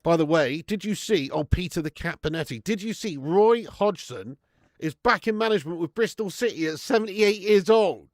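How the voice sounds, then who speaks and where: Excitable football streamer, dry sound. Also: male voice, high-pitched, moderate pace, dry recording. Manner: excitable, swearing, banter with chat. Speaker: watch-along streamer. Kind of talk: live football watch-along chat.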